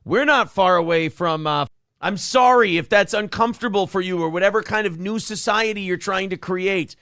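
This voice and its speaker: A man's voice: high-pitched, normal speed, fairly bright tone, no room sound. Rambling talk-show man, dry close sound. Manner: rambling, apologetic asides. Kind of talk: casual live-stream talk.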